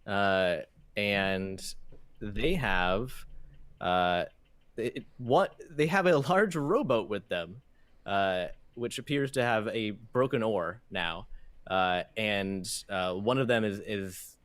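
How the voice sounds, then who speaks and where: A man running a tabletop game as game master, describing scenes in a halting way with many fillers. His voice sits a little low and sounds dry and close to the mic. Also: animated, fairly bright tone, smooth, dry recording.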